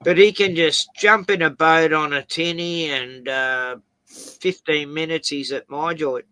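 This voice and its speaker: Aussie guy hosting a chat, slow rambly stories, bright tone, dry close sound. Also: on the high side, fairly even intonation, clean tone, dry recording. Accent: Australian. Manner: rambling, anecdotal storytelling with chuckles. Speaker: host. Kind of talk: casual chat.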